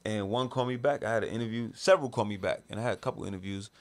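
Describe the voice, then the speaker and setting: A man's voice: lowish voice, racing. A man with a New York accent from Brooklyn, telling a long story in a podcast interview and acting out quoted voices with slang. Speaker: interview guest. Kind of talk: casual storytelling.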